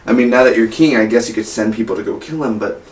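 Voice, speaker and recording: A man's voice: fairly low pitch, fast talker. A man reviewing a movie in casual talk, rambling with many fillers and restarts. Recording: roomy echo, mic far off, faint hiss.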